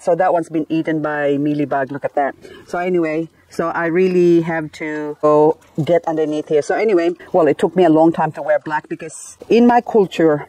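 A woman's voice: low voice, mellow. Woman, casual garden vlog chat, frequent laughs between words, dry sound with no room echo. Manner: chatty, laughs often mid-sentence. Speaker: gardening vlogger.

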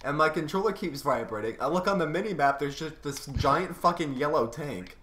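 A young man gaming with friends, excitable, swearing often and whining when he pleads. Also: fairly high pitch, a little fast, reverberant, a little hiss or hum. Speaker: gamer, channel host. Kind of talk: casual gaming chat.

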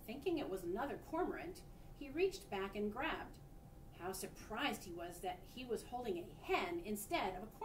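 Here a female storyteller brings a picture book to life for children, breaking off to point at the illustrations. The mic sits far away, the room echoes, and a faint rumble can be heard.

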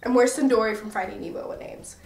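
A woman's voice: fairly high pitch, fast, creaky, darkish tone, distant mic. A young American woman vlogging in a casual, rambling and self-mocking way. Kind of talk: casual chatty review. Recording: echoey room, a bit off-mic.

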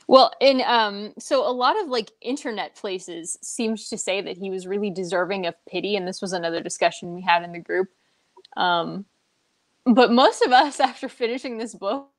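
A chatty woman hosts a casual book discussion, often laughing lightly between points. Her voice sits at an ordinary middle pitch. The recording is dry and close. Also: no echo.

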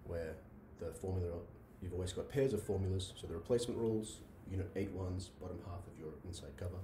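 A man's voice: sits low, fast talker, mellow, slight background noise. A man giving a university logic lecture, working through examples and checking in with "right?" between fillers. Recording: roomy echo, voice from a distance, faint ambience.

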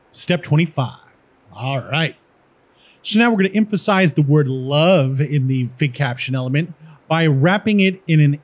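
Relaxed man talking through code. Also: a little high. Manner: relaxed, thinking aloud with fillers and "all right". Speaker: coding tutor. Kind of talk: casual screen-share coding walkthrough.

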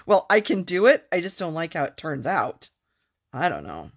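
A middle-aged woman chatting casually as she demonstrates a papercraft project, self-deprecating and quick to laugh. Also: low voice, big pitch swings. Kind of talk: casual craft tutorial.

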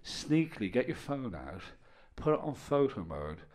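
A middle-aged man doing a stand-up set on stage, telling stories deadpan with bursts of loud exasperation. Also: mid-range voice, normal speed. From Ireland. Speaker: stand-up comedian. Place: comedy stage with audience.

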